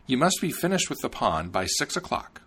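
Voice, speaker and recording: A man's voice: mid-range voice, very animated, moderate pace, bright, forceful tone, slightly rough, pitched above the performer's own voice, exaggerated voice. A man reading a stern, demanding king. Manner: stern, commanding. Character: demanding fairy-tale king setting impossible tasks.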